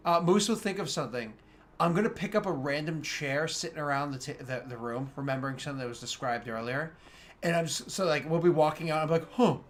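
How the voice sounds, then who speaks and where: A player in a tabletop role-playing game, jokey and excitable. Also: medium pitch, fast talker. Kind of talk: casual tabletop play.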